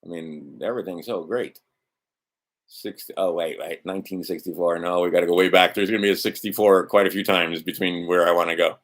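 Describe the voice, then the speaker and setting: A man's voice: deep voice, steady tone, brisk. A man hosting a livestream, rambling casually and bluntly, sometimes swearing and talking to himself as he scrolls through documents. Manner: meandering, talks to himself while scrolling documents. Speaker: livestream host.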